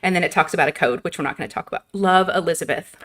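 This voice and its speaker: A woman hosting a casual craft livestream, gushing and excitable. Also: low-pitched, very fast. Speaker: livestream host.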